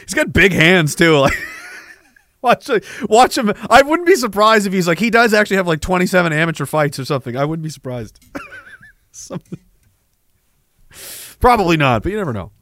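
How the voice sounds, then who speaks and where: A man riffing casually in a comic bit, animated and giggling often. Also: sits high, no echo. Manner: animated, giggling, quick to jump into voices.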